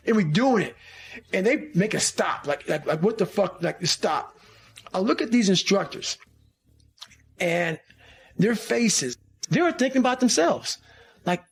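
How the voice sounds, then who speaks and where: A man's voice: sits high, expressive, normal speed, gravelly. A man telling a war-training story in an intense, profane motivational style. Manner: intense, swearing, acts out quoted shouts. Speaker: former special forces trainee telling a story.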